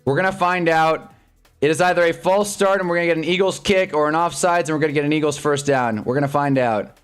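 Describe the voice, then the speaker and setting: A man doing casual live play-by-play while chatting with viewers. His voice sits a touch high, and he jumps between loud excited yelps and low grumbling mutters. Faint music plays behind him. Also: fast, smooth. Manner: chats with viewers' comments. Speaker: streamer hosting a live game watch-along. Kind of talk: casual live sports commentary.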